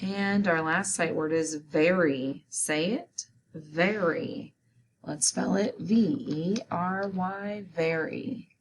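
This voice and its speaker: A woman's voice: lowish voice, slow pace, slight background noise. A woman teaching a spelling lesson, carefully sounding out words letter by letter and syllable by syllable.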